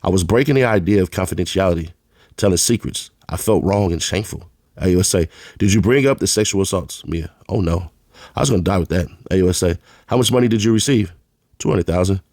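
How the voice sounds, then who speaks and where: A man with a very low voice reads court testimony aloud line by line. He names each speaker before their lines and keeps a plain read-aloud delivery. The sound is dry and close, with no room around it. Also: fast, darkish tone, dry recording. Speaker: channel host reading court testimony. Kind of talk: reading a trial transcript aloud.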